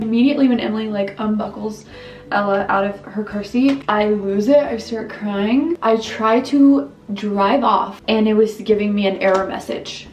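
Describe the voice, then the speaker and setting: A woman's voice: mid-range voice, darkish tone, far from the mic. A young pregnant woman telling an emotional story in a vlog while doing her makeup, with quoted dialogue. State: pregnant, weepy. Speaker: family vlogger. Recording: roomy echo, voice off-mic.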